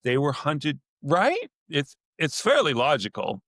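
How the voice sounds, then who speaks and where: A middle-aged man from California, a naturalist guest telling rambling, lively stories in a casual podcast interview, on a close mic. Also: on the high side, a little slow, dry recording.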